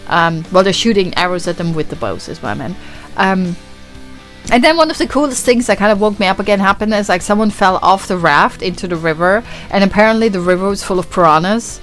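A woman's voice: medium pitch, animated, a little fast, faint music behind. A woman hosting a podcast, casually recapping a film with lots of swearing and acted-out reactions. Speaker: podcast host. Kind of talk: casual film review chat.

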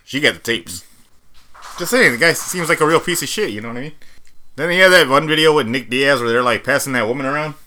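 A man's voice: mid-range voice, fast, sharp tone. A man co-hosting a podcast, tossing in blunt, sarcastic remarks in casual chat. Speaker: podcast co-host. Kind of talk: casual chat about fighting sports.

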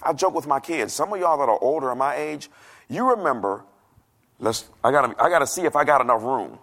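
A middle-aged pastor preaches from a church stage. His voice is gravelly, and his pitch rises and falls a great deal. He talks casually and jokes, acting out the voices of the people he quotes. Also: animated, fairly quick, fairly bright tone. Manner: conversational, joking, acts out quoted voices. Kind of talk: sermon.

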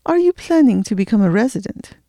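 A woman's voice: fairly high pitch, very animated, brisk, warm tone, no echo, clean studio sound, voice pushed up. Woman playing a clipped Flemish old boss. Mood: probing. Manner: clipped and direct. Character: blunt elderly woman, former boss, nearly eighty.

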